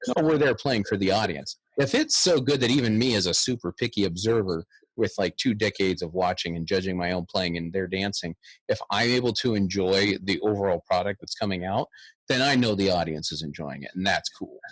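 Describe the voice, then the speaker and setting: A man's voice: deep voice, brisk, no echo. A man in his thirties, a guest bagpiper, chatting animatedly in a podcast interview and humming tunes aloud.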